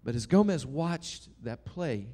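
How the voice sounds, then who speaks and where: A man preaching a sermon, telling a story dramatically and swinging between loud and hushed. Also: on the high side, animated, measured pace.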